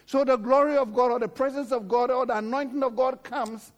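High-voiced fervent male preacher. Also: steady tone, a little fast. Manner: fervent, repetitive, exhorting. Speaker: pastor. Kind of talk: sermon.

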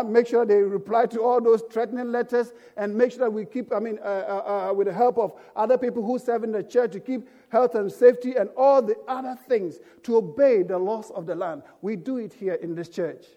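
A man's voice: high voice, fairly even intonation, fairly quick, few pauses, warm tone, muffled recording. A man preaching a sermon as pastor, emphatic and calling out for amens from the congregation. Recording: echoey church hall.

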